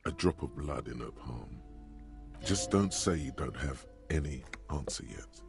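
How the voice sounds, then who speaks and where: A man voicing a sardonic, all-knowing inner-voice narrator in a game, with a gravelly voice and a slow, wry, knowing manner. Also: rumbling low, expressive, full character voice. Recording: faint game music behind.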